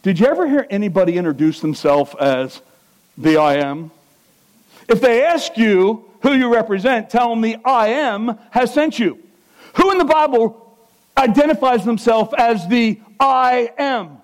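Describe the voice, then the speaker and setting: A man preaching a sermon who swings from loud, high exclamations to quiet, low earnestness and puts questions to the congregation. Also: expressive, a little slow, low-quality recording.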